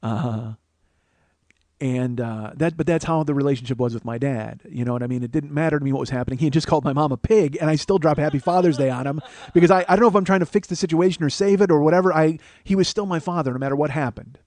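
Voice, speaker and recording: A man in his forties, a podcast host, telling a profane, animated comedic story. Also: on the high side, fast, no echo. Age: 40s. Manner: profane, animated, restarts often.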